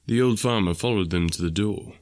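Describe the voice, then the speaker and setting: A man narrating a classic novel in a measured, even storytelling manner. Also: lowish voice, no echo, studio quality. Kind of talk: audiobook narration.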